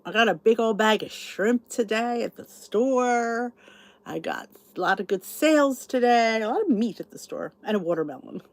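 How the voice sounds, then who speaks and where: A woman's voice: a little high, animated, moderate pace, no room sound. A middle-aged woman hosting a casual livestream chat, greeting viewers and reading their comments aloud. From New Jersey, US. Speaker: channel host.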